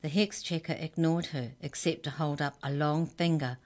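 Lady reading a kids' story, deep voice, calm and even. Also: normal speed. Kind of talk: reading a children's story aloud.

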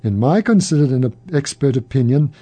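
A man's voice: medium pitch, expressive, normal speed, dark tone, natural voice. A man voicing a pompous blind man who speaks like a self-assured expert, in a storybook reading.

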